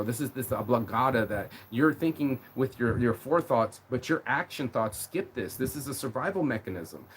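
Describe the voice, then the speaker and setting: A man's voice: medium pitch, slight background noise. Rambling, profane man ranting on a livestream. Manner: rambling, profane, emotional, with many repeated words. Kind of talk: casual rant on a live stream.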